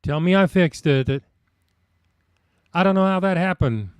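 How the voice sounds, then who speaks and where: A man's voice: high-pitched, animated, unhurried, clear, resonant tone. A man hosting a live stream, chatting casually with viewers and muttering to himself while fixing his audio.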